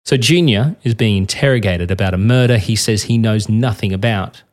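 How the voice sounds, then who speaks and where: A man hosting a podcast, giving scripted narration in a measured, even delivery. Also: lowish voice. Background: soft guitar music.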